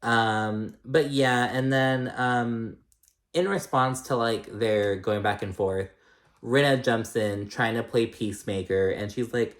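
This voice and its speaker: A young man speaks slowly at a medium pitch as he casually recaps a reality show. Chatty and rambling, he swears freely and acts out what other people said.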